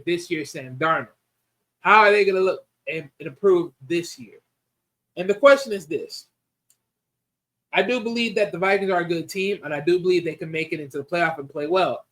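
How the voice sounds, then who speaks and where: A young man with a high voice hosts a casual football prediction show. He talks emphatically and repeats lines for weight, and he often restarts his sentences as he goes. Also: a bit bright. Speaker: sports show host. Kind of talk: casual sports predictions talk.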